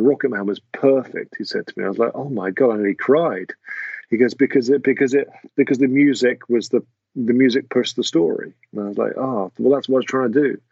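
Halting English man, dull dry sound. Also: mid-range voice, breathy edge, dry recording. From England. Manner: halting, many restarts and fillers. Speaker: music producer guest. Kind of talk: casual interview talk.

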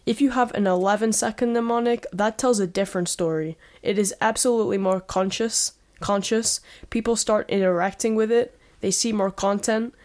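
A woman voicing a confident male branding executive in an invented central European accent, speaking in a measured, deliberate, emphatic way. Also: medium pitch, fairly even intonation, a little mellow, lightly acted. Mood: assured. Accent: made-up central European. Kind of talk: impression read-out.

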